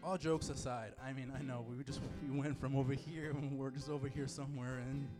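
A man's voice: medium pitch, level tone, a little fast, music in the background. A man preaching a casual youth sermon, with playful asides and jokes to the audience. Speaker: youth pastor.

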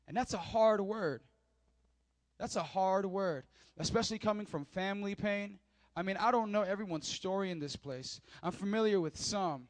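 A pastor delivering a sermon in church, animated, swinging between hushed asides and loud emphatic lines. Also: male voice, high voice, fairly quick, dry recording. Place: church service.

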